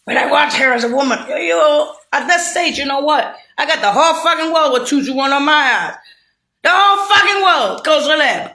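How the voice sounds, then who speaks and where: A woman's voice: high-pitched, fairly quick, pushed and bright. A woman delivering an angry, profane, rambling rant straight to the listener. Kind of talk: unscripted rant to camera.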